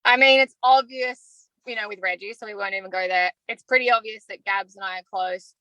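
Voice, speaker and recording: This Australian reality show contestant, freshly evicted, responds to interview questions with open, heartfelt talk about her emotions. She speaks a little fast in a sharp, mid-range voice with fairly even intonation. The recording is low quality, without room sound.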